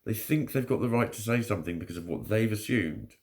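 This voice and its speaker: A man's voice: lowish voice, a little fast, a little mellow. A man telling a story to camera in casual vlog talk, blunt and full of swearing, laughing often. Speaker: vlogger.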